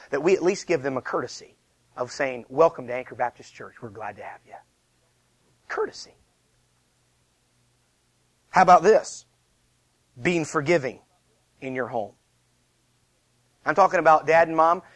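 A man's voice: a little high, no echo. A man in his thirties, a pastor giving a conversational, emphatic sermon full of repeated rhetorical questions. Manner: lively, conversational preaching with self-deprecating asides.

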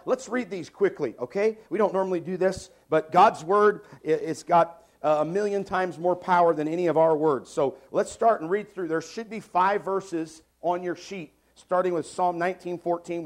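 A man in his forties preaching a sermon in a church, stressing key phrases by repeating them and swinging between loud and soft. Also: fairly high pitch. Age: 40s. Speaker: pastor. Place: church sanctuary.

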